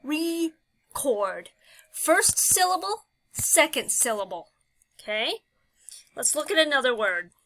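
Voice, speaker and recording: Slow, bright-voiced woman teaching phonics. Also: high-pitched, big pitch swings, no echo. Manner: slow and patient, thinking aloud with many fillers. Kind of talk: classroom phonics lesson.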